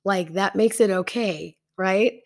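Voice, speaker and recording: A woman's voice: mid-range voice, slow. A woman voicing a defensive male king who keeps making excuses, in a slightly raised everyday voice.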